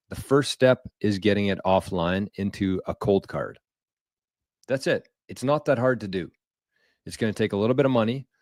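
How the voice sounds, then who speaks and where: A man with a low voice co-hosts a casual livestream and talks a viewer through a worry in an earnest, step-by-step way. The sound is close and dry, with no room around it. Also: dry recording. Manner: earnest, advising, steady explaining. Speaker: livestream co-host.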